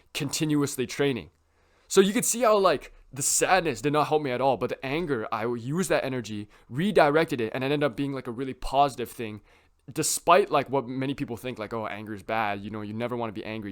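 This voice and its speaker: A young man talking casually to camera about self-improvement, rambling with lots of filler words and tag questions. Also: mid-range voice. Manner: rambling, heavy use of "like" and "right?".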